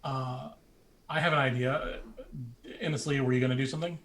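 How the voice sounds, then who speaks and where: A man's voice: mid-range voice, steady tone, moderate pace, a bit bright. A man playing a tabletop game, making wry, joking remarks. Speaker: player.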